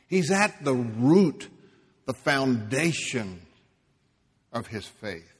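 A man preaching a sermon, emphatic, dropping to a hush and rising loud for stress. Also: medium pitch, very animated, slightly rough, in a large hall. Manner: slow, emphatic, swings between hushed and loud.

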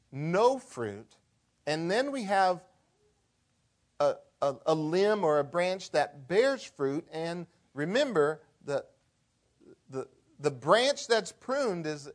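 Slow-paced male pastor preaching a sermon. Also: fairly high pitch, sing-song. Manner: conversational preaching with wide swings from hushed to loud.

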